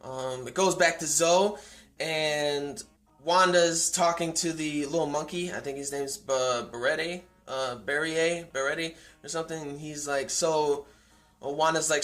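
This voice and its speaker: A man's voice: fairly high pitch, measured pace, a bit bright, faint music behind. A young man casually recapping a comic chapter in a rambling, amused way, full of fillers and restarts. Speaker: manga review vlogger.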